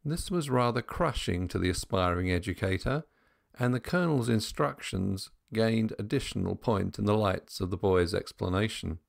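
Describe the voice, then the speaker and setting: A man reading an audiobook in a measured storytelling manner. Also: fairly low pitch, creaky. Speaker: audiobook narrator. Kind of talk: scripted narration.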